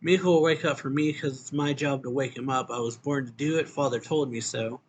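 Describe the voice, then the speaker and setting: A man's voice: mid-range voice, steady tone, fairly quick, slight background noise, close to an everyday voice. A man reading as an eager, pestering boy. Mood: insistent. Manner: pleading, repetitive calling. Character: demanding boy who shouts awake his friend.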